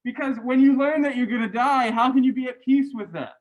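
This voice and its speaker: Animated lecturer man, dull lo-fi sound. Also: very high voice, a little fast. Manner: animated, chatty, frequent "right?" tags. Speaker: university religious studies lecturer. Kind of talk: lecture reviewing graded answers.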